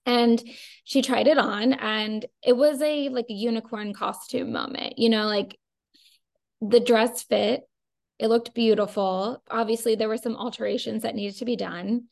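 A woman's voice: fairly high pitch, fairly even intonation, unhurried, gravelly. A woman telling stories as a costume designer guest, chatty and full of fillers. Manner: chatty, filler-heavy with frequent "like". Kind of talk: casual interview storytelling.

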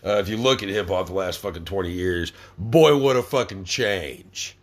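With a deep voice at normal speed, this young man rants angrily on his podcast. His monologue is full of swearing and stammered restarts.

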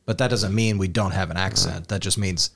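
A man's voice: low-pitched, fairly even intonation, brisk, creaky, a bit bright. A Midwestern man arguing his point in a casual chat among friends. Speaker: podcast co-host. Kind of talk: casual music discussion.

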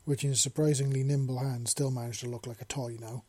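Brief: male storyteller, dark husky voice, dry close sound. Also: mid-range voice, fast, no echo. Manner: plain steady reading with small slips. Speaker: narrator. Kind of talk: reading fan fiction aloud.

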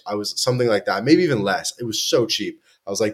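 A man's voice: mid-range voice, fast talker, hardly any pauses. A young man from Canada, a podcast guest telling travel stories in a laid-back, slangy way with many restarts. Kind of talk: casual chat.

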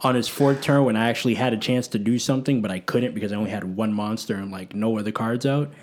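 A man co-hosting a podcast, chatting casually in an animated way. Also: lowish voice, fast talker. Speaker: podcast co-host. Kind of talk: casual chat.

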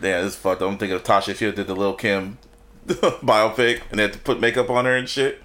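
Man, young adult, podcast co-host, casual profane banter, laughs a lot, bright voice. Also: on the low side, brisk. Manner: laughs often, animated and profane. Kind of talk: casual chat.

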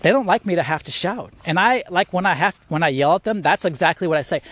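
A man's voice: sits high, fast talker, fairly bright tone, dry recording. A middle-aged man hosting a podcast, giving a casual devotional talk while walking outdoors, thinking aloud with restarts. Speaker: podcast host.

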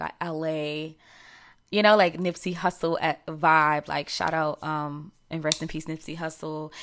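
A woman's voice: on the low side, a bit bright. A woman in her thirties from New York with a New York accent, hosting a podcast in a chatty, slangy way with lots of fillers. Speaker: podcast host. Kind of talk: casual solo chat.

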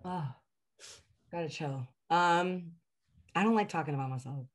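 A woman's voice: deep voice, measured pace. A woman chatting as an interview guest, casual and talkative, with many fillers, sometimes reflective and earnest. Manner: reflective and earnest about her purpose.

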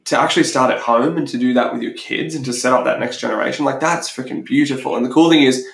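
Male podcast host, coach; energetic, rapid delivery, casual swearing, roomy echo. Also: medium pitch, vocal fry. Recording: echoey room.

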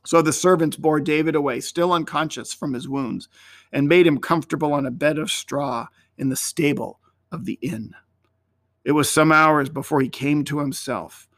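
Man, storyteller, bright and sharp voice, slightly high, dry close recording. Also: no echo. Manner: measured, expressive storytelling. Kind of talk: reading a story aloud.

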